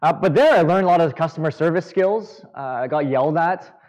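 Earnest pastor, slightly high voice. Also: male voice, lively intonation, a little mellow, lo-fi sound. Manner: halting, earnest, with self-deprecating humor. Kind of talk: sermon.

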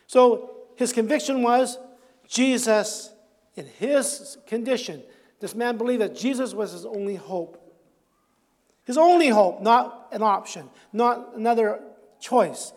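A pastor with a high voice delivers a sermon, animated and storytelling, jumping into the voices of the people he describes. He chuckles often and lets his lines fade softly. The sound rings with a long reverb, as in a large hall. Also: a little slow, pauses often.

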